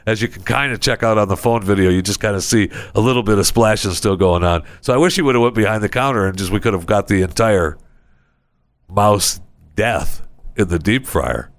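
A man hosting a podcast in a studio, rambling sarcastically in a casual comedic monologue. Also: moderate pace. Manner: rambling, sarcastic, acts out people in high voices. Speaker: podcast host. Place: recording studio.

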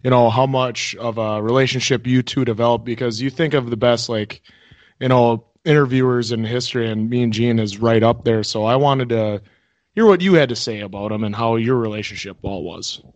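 A man's voice: medium pitch, normal speed, dry recording. Man asking loose interview questions. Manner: loose, filler-heavy questioning. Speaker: podcast host.

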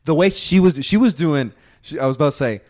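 Man, deep voice, loose rambling podcast talk full of swearing, animated pitch. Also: fast talker. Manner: rambling, swears a lot, acts out quotes in voices. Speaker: podcast co-host. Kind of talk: casual podcast chat.

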